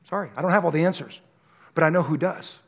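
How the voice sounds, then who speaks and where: A pastor, a man, preaching a sermon with personal stories that build into loud, impassioned exhortation. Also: fairly high pitch, quick pace, creaky.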